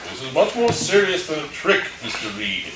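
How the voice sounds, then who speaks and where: An actor at a table read, playing a stern judge who questions witnesses formally. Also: male voice, fairly high pitch, very animated, moderate pace. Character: stern male judge passing sentence. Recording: echoey room, mic far off, faint noise.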